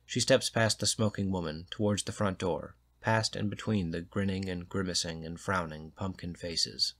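Measured male narrator reading a story, lower register. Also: steady tone, fairly bright tone. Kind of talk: audiobook reading of a short story.

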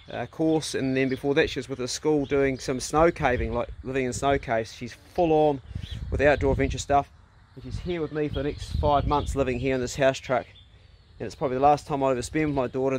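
Middle-aged kiwi bloke vlogging on the farm, chatty, birds and animals around him. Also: male voice, mid-range voice, slight background noise. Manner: chatty, coaxing talk to his dogs and ducks. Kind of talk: casual farm vlog talk. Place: outdoors on a rural farm.

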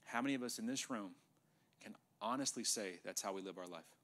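A middle-aged male pastor preaching an emphatic sermon in a church, sometimes dropping to a hushed voice for effect. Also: fairly low pitch, fairly quick. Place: church sanctuary.

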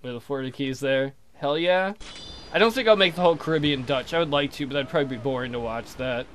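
A man's voice: medium pitch, quick pace, a little hiss or hum. A young man casually commentating as he plays a game, crude and joking, trash-talking the enemy ships. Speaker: let's play commentator.

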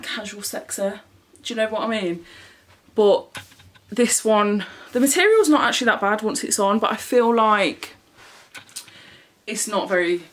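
A woman chatting frankly through a clothing try-on haul, swearing freely and often slightly out of breath. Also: medium pitch. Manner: chatty, frank and swearing, with frequent "do you know what I mean". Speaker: fashion vlogger.

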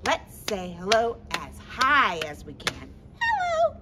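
A woman's voice: mid-range voice, sing-song, slow, very noisy. A woman hosting a children's story-time in an empty library, talking in a playful, exaggerated sing-song way for kids.

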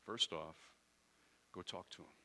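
A pastor preaches a sermon in a conversational manner, briefly acting out little quoted exchanges with the congregation. His voice sits low and is bright and forceful, at a measured pace.

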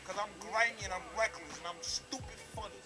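A man's voice: high voice, a little fast, low-quality recording. A man boasting and trash-talking to a handheld camcorder outdoors in front of his building. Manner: brash, cocky, trash-talking. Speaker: featured guest boasting on camera. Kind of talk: profane street boasting to camera. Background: music.

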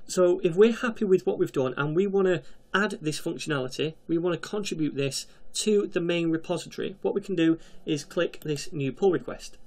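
A man with a slightly raised voice talks through a coding lesson on screen. His delivery is casual and chatty, and he drops quick jokey asides as he clicks through each step. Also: a little high, a little mellow. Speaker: coding tutorial host. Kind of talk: screen-recorded coding tutorial.

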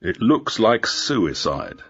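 A man's voice: fairly low pitch, sing-song, takes it slowly, a bit bright, husky, exaggerated voice. A man voicing a friendly, teasing male police inspector. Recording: dull lo-fi with faint music.

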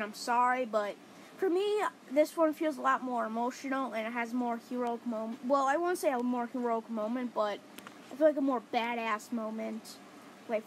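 A woman with a slightly high voice rambles through a casual countdown of movie fight scenes. She talks with loose enthusiasm, packing her sentences with "like" and restarts. Faint background noise sits under her voice. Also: rough recording. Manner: rambling, enthusiastic, many fillers like "like". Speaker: movie reviewer.

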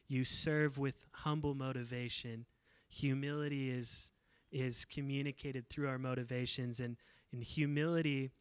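A man's voice: mid-range voice, no room sound. A male pastor preaching a casual, storytelling sermon, talking conversationally with frequent fillers and restarts.

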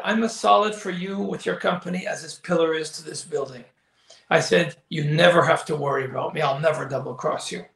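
The speaker, an older man and former wrestling commentator, has a creaky voice on the high side with a fairly bright tone. His candid interview is full of stories with acted-out dialogue and frequent "you know"s, recorded in an echoey space.

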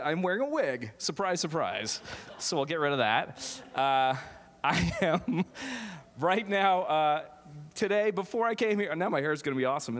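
A man's voice: medium pitch, a bit bright. Joking middle-aged man in an echoey hall. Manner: self-deprecating, joking, many fillers and restarts. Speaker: theater professor giving a keynote. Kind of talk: humorous keynote speech. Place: large auditorium.

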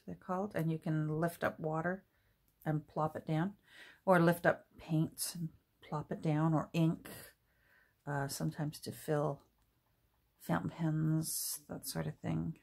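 A woman's voice: fairly low pitch, gravelly, darkish tone, husky. A middle-aged woman chatting casually and rambling while she crafts at home, with many restarts and ums. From Canada. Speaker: crafting vlogger. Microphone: camera mic at a work table.

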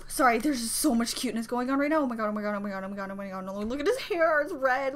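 A woman hosting a reaction vlog, talking casually and gushing with excitement, full of exclamations. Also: fairly high pitch, quick pace, few pauses, music in the background. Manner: gushing, exclamatory, squealing with delight. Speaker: reaction video host.

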